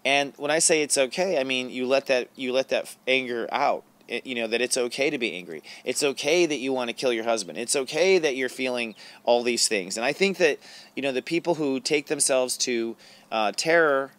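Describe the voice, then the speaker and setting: A man's voice: mid-range voice, brisk, fairly bright tone. A middle-aged man hosting an astrology show, talking casually and confessionally to camera, with frequent fillers and laughs. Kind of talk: casual spiritual talk to camera.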